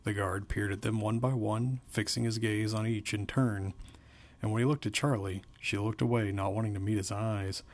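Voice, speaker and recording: A man narrating a novel aloud in a steady, measured way. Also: on the low side.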